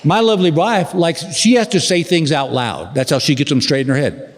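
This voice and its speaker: A man's voice: fairly quick, very noisy. Drawling man doing stand-up on stage. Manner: drawling storyteller, mimics his wife in a higher voice. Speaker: stand-up comedian. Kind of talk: stand-up routine. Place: large theater stage. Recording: long hall reverb with loud crowd. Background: audience laughter.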